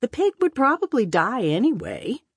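A brisk, practical farm mother. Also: on the high side, very animated, breathy edge, no room sound, studio quality, heavily acted. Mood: firm. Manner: matter-of-fact, firm. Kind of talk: audiobook character voice.

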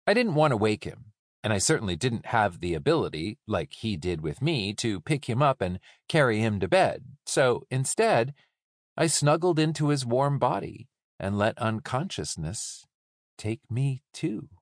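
Calm guy reading a first-person audiobook, slow, lots of up and down in his voice. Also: medium pitch, no echo, studio quality. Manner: calm, measured storytelling. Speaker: audiobook narrator.

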